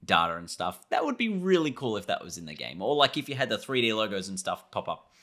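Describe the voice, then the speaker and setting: A man's voice: lowish voice, sing-song, fast, pushed and bright. A man, a gaming YouTuber, giving a casual breakdown of a trailer and thinking aloud in a loose, rambling way.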